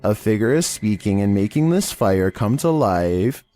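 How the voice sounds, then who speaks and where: A man hosting and narrating a scripted countdown in a steady monotone delivery. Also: lowish voice, normal speed, faint music behind. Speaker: host and narrator.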